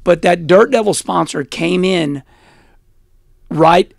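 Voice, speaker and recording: Gravelly high-voiced man telling stories. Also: slow pace, no echo, studio quality. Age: middle-aged. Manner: animated, blunt, laughs often. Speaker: interview guest, former race car driver. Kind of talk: casual storytelling interview.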